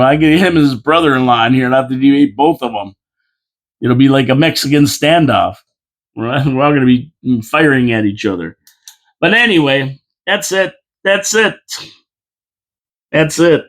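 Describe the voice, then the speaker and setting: A man talks at his own loose pace, circling back and repeating points with folksy asides. He sounds a little worn out, as if he has been up since before dawn. His voice sits at an ordinary middle pitch. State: tired, yawning. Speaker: local commentary host. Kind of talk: casual opinion monologue.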